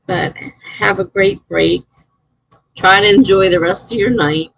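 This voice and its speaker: A woman's voice: mid-range voice, measured pace, creaky, fairly bright tone, dry recording, highs cut off. A middle-aged woman chatting casually on a live stream, answering chat messages and laughing often.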